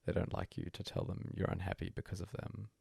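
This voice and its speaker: A man reading a bedtime story aloud as a hushed, breathy first-person monologue. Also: low voice, little pitch movement, quick pace, no echo, studio quality. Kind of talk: soft-spoken story reading.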